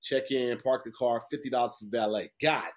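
A tired-sounding podcast co-host with a medium-pitched voice talks a little fast as he spins a long, casual story. He swears often and acts out what people said in animated, voiced quotes.

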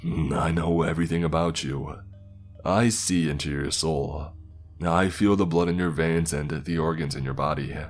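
A man voicing a genderless, all-knowing being at the edge of the internet, speaking slowly and plainly. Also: a bass voice, fairly even intonation, soft background music. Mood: ominous. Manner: slow, plain, commanding.

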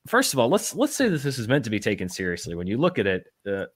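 A man's voice: medium pitch, wildly swooping pitch, fast talker. A man hosting a podcast, chatting casually about news in a wry, joking way, with many fillers and restarts. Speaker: podcast host. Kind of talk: casual chat reading news.

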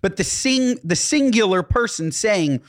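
A man's voice: sits high, lively intonation, a little slow. A man in casual podcast chat who talks emphatically and boasts.

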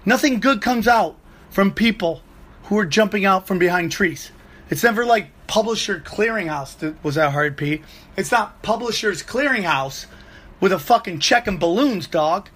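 A man in his forties hosting a podcast, telling a profane, animated comic story on his own. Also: high-pitched, normal speed. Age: 40s. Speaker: comedian podcast host. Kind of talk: solo comedic rant.

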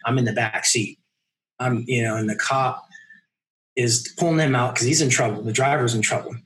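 A man in his thirties, a podcast guest, telling a personal story in a casual, animated way and acting out the people in it. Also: medium pitch, normal speed. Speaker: podcast guest, mountain runner.

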